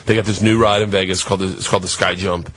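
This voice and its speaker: A man telling a long, profane story on a radio talk show, animated and acting out the other people in it. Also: low-pitched, rapid-fire, slight background noise. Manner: animated, profane, acts out voices in his stories.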